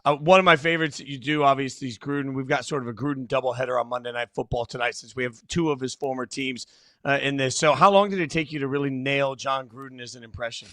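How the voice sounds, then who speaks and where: A man's voice: medium pitch, quick pace, pushed and bright, no echo. A man hosting a sports talk show, upbeat as he introduces a guest and asks questions. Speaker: host.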